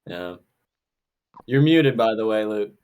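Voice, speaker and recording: A man with a fairly low voice chats while he plays a tabletop game. He talks excitably and rambles, piling up fillers as he describes what his character saw. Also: takes it slowly, smooth. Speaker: player. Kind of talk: casual chat while playing a tabletop game.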